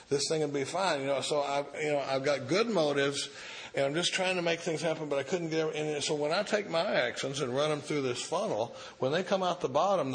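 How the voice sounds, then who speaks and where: A man giving an informal, folksy talk at a recovery meeting, reading a passage and then riffing on it in blunt, salty language. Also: on the high side. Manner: folksy, profane, reads a passage then riffs on it. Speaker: recovery group speaker.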